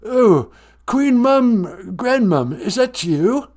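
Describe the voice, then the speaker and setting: A man's voice: very high-pitched, sing-song, very slow, a little mellow, heavily acted. A man doing a whiny English prince. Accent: put-on English. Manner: plaintive, whining. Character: whiny self-pitying young English prince.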